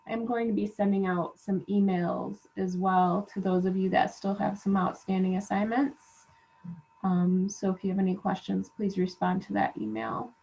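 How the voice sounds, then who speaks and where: A woman college instructor giving relaxed class reminders with lots of "um" fillers, while feeling unwell. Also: mid-range voice, moderate pace, vocal fry. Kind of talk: recorded class announcements. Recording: dull lo-fi class recording.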